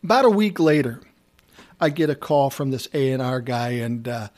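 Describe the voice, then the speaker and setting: A man's voice: mid-range voice, animated, moderate pace, darkish tone. A man telling a casual anecdote from his time as a music producer, acting out the dialogue and swearing freely. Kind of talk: casual spoken storytelling.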